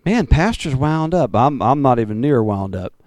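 A man preaching a fiery Pentecostal sermon, swinging from loud bursts to low, intense asides. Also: sing-song, normal speed, dry recording. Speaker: pastor.

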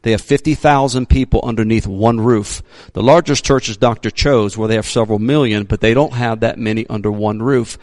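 A male pastor preaching a sermon, emphatic, sometimes shouting his readings, joking about himself. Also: on the low side, fairly even intonation, fairly quick, no echo.

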